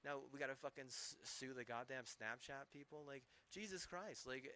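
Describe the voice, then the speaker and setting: A man's voice: medium pitch, normal speed, hardly any pauses, bright, forceful tone. A man streaming, ranting angrily with heavy swearing and rambling, restarting sentences. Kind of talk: angry profane rant.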